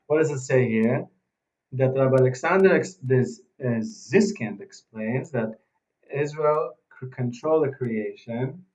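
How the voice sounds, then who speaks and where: Higher-voiced man teaching, dull lo-fi sound. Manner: animated storytelling with repeated phrases for emphasis. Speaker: rabbi teaching. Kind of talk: informal Torah lesson. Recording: dull, muffled recording.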